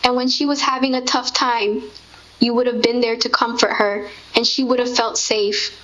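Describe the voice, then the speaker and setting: A woman's voice: on the high side, little pitch movement, normal speed, fairly bright tone. A woman speaking as a grieving mother in a tender, heartfelt conversation. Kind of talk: intimate spoken conversation. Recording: dull lo-fi recording.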